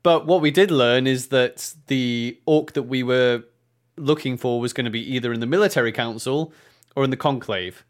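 Young male podcast co-host, casual, lively storyteller with a mid-range voice. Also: mid-range voice, moderate pace. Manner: animated storytelling, acts out quoted voices. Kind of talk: casual chat.

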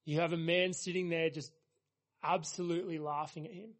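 A pastor preaching a sermon, earnest and emphatic, leaning on repeated phrases for weight. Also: male voice, a little high, little pitch movement, a little fast.

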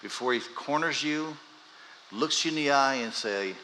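A man preaching a conversational sermon as a pastor, moving from quiet storytelling to loud, emphatic peaks. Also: mid-range voice, normal speed, a little hiss or hum. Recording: long hall reverb.

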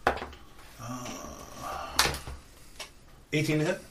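A man's voice: sing-song, very slow, very noisy. A man narrating as dungeon master of a tabletop game, playful and casual. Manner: playful, puts on squeaky goblin voices.

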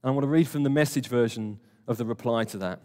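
A man's voice: mid-range voice, fast, dark tone. A man preaching a sermon in a church hall, speaking in a conversational, earnest way and putting questions to the congregation. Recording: long hall reverb.

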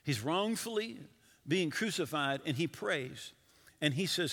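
A male pastor preaching a sermon in an animated way, asking his listeners questions directly. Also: on the high side, measured pace. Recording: long hall reverb.

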